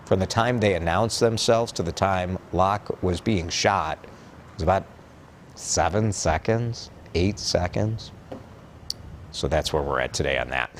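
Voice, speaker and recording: A man with a Minnesotan accent reads a morning news update in a loose, conversational way. He jokes between stories, and his pitch rises and falls a lot. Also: slight background noise. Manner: chatty, jokey, animated delivery.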